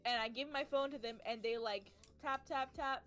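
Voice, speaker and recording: Uma jovem com sotaque americano conta uma história de forma animada e cheia de palavrões, imitando as pessoas com vozes mais agudas. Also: female voice, normal speed, faint music behind. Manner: animated, acts out quoted people in higher voices, swears freely. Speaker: streamer. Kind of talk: casual storytelling on a game stream.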